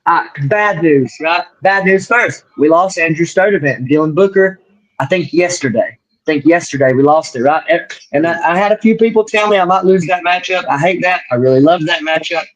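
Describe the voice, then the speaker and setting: A man's voice: on the high side, fairly quick. A man hosting a casual podcast chat, telling stories and acting out quotes. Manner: animated storyteller, acts out quotes. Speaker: host. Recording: dull lo-fi sound.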